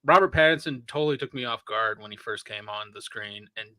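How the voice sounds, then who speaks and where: Man, podcast co-host, bright forceful voice, enthusiastic, filler words, dry close mic. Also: medium pitch, fairly quick, no room sound. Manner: enthusiastic, uses "like" a lot. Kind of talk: casual film review chat.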